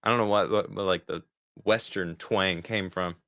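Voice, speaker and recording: A man's voice: deep voice, fairly even intonation, measured pace, fairly bright tone, no room sound, studio quality. A man in his forties, rambling in a casual livestream as he answers viewer chat, often laughing. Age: 40s. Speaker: streamer reading viewer chat.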